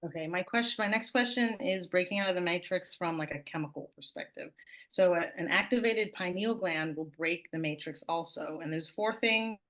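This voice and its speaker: A woman's voice: on the low side, normal speed, a bit bright. A woman in a casual spiritual chat, asking questions and listing points methodically.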